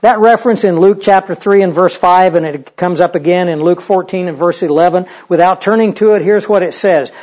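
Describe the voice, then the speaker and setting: A man's voice: high voice, fairly quick, hardly any pauses, darkish tone. A male pastor preaching a sermon in a conversational, humorous way, full of rhetorical questions. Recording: dull lo-fi recording.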